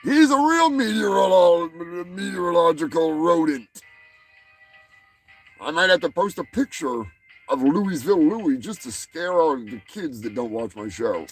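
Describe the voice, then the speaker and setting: Man hosting comedy show, gravelly husky voice, rambling crude monologue, faint music behind. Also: on the high side, a little slow. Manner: rambling, crude, stumbles over words. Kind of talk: profane comic monologue.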